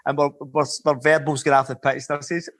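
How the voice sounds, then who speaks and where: A Scottish man in his fifties, a former footballer and podcast guest, telling lively rambling stories and swearing freely. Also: on the high side, quick pace. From Scotland. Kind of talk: casual anecdotal storytelling.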